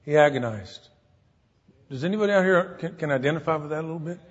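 A man's voice: fairly high pitch, fast. A man preaching a sermon to a congregation, talking conversationally and turning emphatic, often asking the listeners questions. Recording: dull lo-fi recording with long hall reverb.

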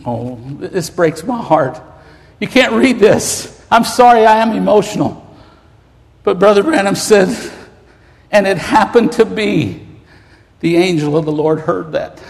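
A man preaches with fervent emotion, his voice pitched unusually high. His sermon swells toward shouting. The sound carries a long church-hall reverb. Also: a little slow, gravelly.

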